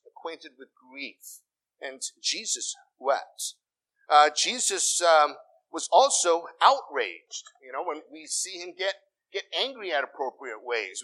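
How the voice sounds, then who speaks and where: A middle-aged man preaching a sermon in a conversational way, with asides and quick self-corrections. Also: fairly high pitch, pushed and bright, poor audio. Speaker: pastor.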